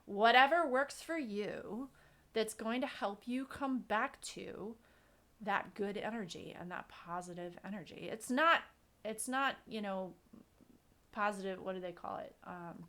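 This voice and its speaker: A woman's voice: medium pitch, measured pace, pushed and bright. A woman co-hosting a casual podcast chat, talking earnestly and repeating her key points for emphasis. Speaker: podcast co-host.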